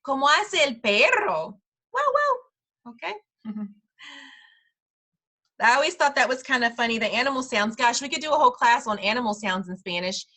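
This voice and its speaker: A preschool director teaches a casual, friendly Spanish class for parents in an animated, bright, clear voice that sits a little high. She repeats each phrase slowly for the learners and laughs easily in between.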